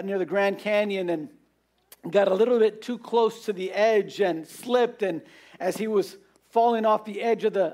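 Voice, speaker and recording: A man preaching a sermon, earnest and repeating his points for emphasis. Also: high voice.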